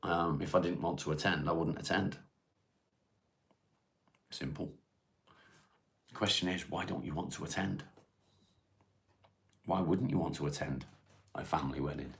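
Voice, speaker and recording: A deep, gravelly-voiced man from Cheshire hosts a relaxed livestream from home. He reads viewer questions aloud and answers them plainly, in an easygoing, unhurried way, with a low, rough edge in his voice. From England (Cheshire). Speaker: livestream host. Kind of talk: casual livestream chat answering viewer comments. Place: at home, smoking while streaming.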